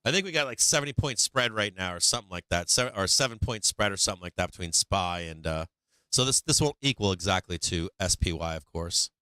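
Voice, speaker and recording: A man hosting a market live stream, talking through his charts with blunt, profane remarks and frequent restarts. His voice is bright and smooth but wearing thin. It is close-miked and dry, with no room sound. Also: low voice, animated, fast talker, no room sound. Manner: blunt, swears, many restarts. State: losing his voice.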